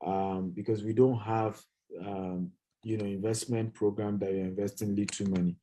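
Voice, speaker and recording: A man's voice: fairly low pitch, flat delivery, normal speed, warm tone. A man hosting a live stream on investing, urging viewers to type their replies. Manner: urges viewers to type replies, hyping them up. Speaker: real estate company managing director hosting a live session.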